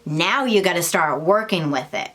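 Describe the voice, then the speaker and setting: A woman's voice: on the low side, lively intonation, normal speed, a bit bright. A young woman talking casually about spiritual awakening to her viewers, blunt and full of swearing, sometimes acting out the voices of others. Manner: blunt, swears freely, laughs, acts out quoted voices. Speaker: spiritual vlogger. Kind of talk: casual spiritual talk to camera.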